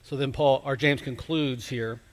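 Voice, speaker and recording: A man preaching a sermon, slow and emphatic, dropping to a hush at key words. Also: medium pitch, fairly even intonation. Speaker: pastor. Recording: long hall reverb.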